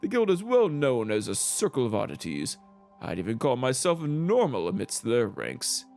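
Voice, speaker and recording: A relaxed, offhand adventurer woman in a fantasy game, as a man reading all the parts voices her, with a gravelly, lively delivery. She shrugs things off with breezy ease. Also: medium pitch, moderate pace, faint music behind. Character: eccentric young female adventurer, playful and unbothered.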